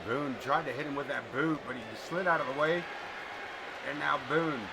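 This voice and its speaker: Excitable man calling wrestling play-by-play. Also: on the high side, normal speed, creaky, over a noisy crowd, very noisy. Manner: excitable, rambling, swears casually. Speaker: streamer commentating a wrestling game. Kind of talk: live play-by-play and casual chat. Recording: music playing behind.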